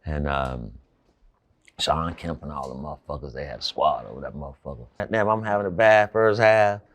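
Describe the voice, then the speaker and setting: A man's voice: very deep voice, moderate pace. A man, a former basketball player, telling a profane, casual anecdote, cursing freely and acting out voices.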